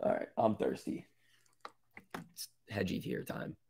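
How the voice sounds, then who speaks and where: A man's voice: a little slow, darkish tone, a little hiss or hum. A man with a sick voice hosting a live stock market stream, reading chat and reacting in casual slang. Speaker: stock market livestream host.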